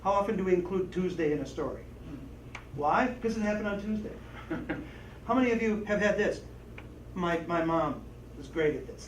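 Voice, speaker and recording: A man training a group on storytelling, lively, acting out little voices and asides as he teaches. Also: high voice, brisk. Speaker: presenter and trainer. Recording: echoey room, distant mic, faint noise.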